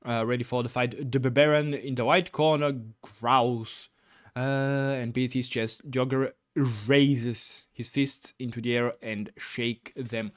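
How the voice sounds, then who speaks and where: A man's voice: medium pitch, steady tone, slow. A man playing through a gamebook, reading it aloud with rambling commentary, many fillers and blurted swearing. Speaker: gamebook let's-player.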